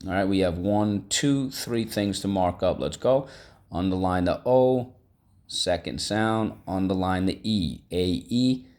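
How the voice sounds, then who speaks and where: A man's voice: low voice, measured pace, a little mellow. A man teaching a vocabulary lesson, upbeat and coaxing, repeating each word for students to echo.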